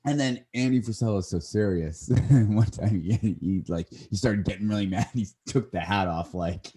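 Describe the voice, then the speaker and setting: A man's voice: fairly low pitch, normal speed, background noise. A man in his thirties co-hosting a podcast in casual chat, rambling and often correcting himself. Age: 30s. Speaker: podcast co-host.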